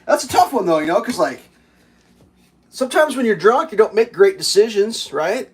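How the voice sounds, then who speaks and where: A man's voice: sits high, sing-song, normal speed, husky. A man hosting a livestream, rambling and swearing through a laughing story while he makes breakfast. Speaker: livestream host. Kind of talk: casual storytelling while cooking.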